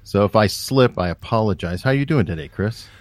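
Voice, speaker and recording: Low-voiced podcast host, dry sound. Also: male voice, lively intonation, brisk, no room sound. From United States. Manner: curious, amused, asks musing questions. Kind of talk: casual podcast interview.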